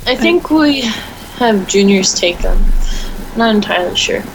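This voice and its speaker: A woman's voice: medium pitch, lively intonation, unhurried, creaky, noisy background. A teenage girl co-hosting a casual podcast, telling a long rambling story full of fillers. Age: teens. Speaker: podcast co-host. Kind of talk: casual chat.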